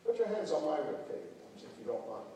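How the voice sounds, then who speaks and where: A man's voice: fairly high pitch, sing-song, brisk, dark tone, slight background noise. Older man teaching in an echoey hall. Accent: American. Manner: folksy, joking, coaching a group. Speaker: band clinician. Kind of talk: workshop lesson with a volunteer. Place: large hall. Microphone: camera far from the speaker. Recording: echoey hall recorded from far off.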